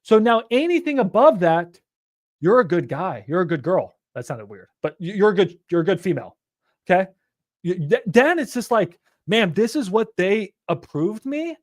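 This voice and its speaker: An animated man with a fairly high voice coaches in a casual, profane way, acting out both sides of phone calls. His sound is dry and close. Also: moderate pace, dry recording. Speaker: real estate investing coach.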